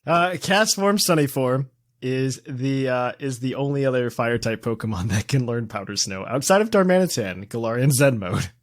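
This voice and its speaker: A man's voice: mid-range voice, animated, normal speed, no room sound, clean studio sound. Man running a playful podcast quiz. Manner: reads quiz questions, playful teasing. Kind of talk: casual podcast chat.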